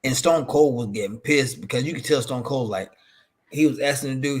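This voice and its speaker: A man's voice: mid-range voice, brisk. A man on a wrestling talk show, telling backstage stories in casual chat and acting out what others said. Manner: animated storyteller who acts out quoted voices.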